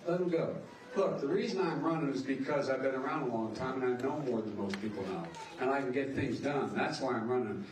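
An older man, a politician, answering a voter defensively, with halting restarts. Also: medium pitch, reverberant, distant mic. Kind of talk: campaign event exchange. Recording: archive clip with crowd behind. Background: crowd.

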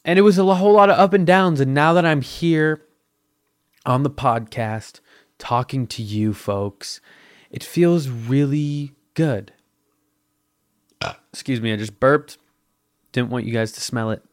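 A man's voice: mid-range voice, measured pace, pauses often, dry recording, studio quality. A man hosting his own podcast in a crude, giddy, rambling, self-mocking monologue into his microphone. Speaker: podcast host.

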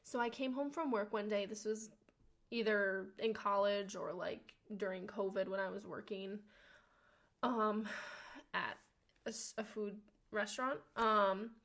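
A young adult woman hosting a podcast, telling a personal story in a chatty, slangy, animated way and swearing now and then. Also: measured pace. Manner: chatty and animated, slangy, swears, acts out quotes with big pitch jumps. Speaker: podcast host. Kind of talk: casual storytelling monologue.

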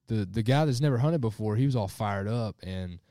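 A man hosts a relaxed hunting podcast, telling animated stories and swearing freely. His voice sits fairly low. The sound is dry and close, with no room echo. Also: a little fast. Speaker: podcast host. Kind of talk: casual chat, storytelling. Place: hunting lodge, drinking beers.

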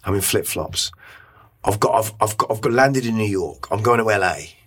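A man's voice: on the low side, expressive, normal speed, a bit bright, breathy edge. A middle-aged man, a podcast guest, telling an emotional story in a rambling way, with many restarts and casual swearing. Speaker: interview guest.

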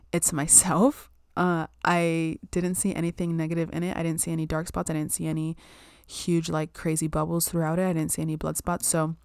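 A young woman talks in a loose, rambling way, peppering her speech with "like", "um" and the odd swear word. Her voice sits a little low for a woman. It is recorded close and dry, with no room sound. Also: a little mellow, smooth, no room sound. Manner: chatty, full of "like" and "um", swears casually. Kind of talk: casual spiritual self-care chat.

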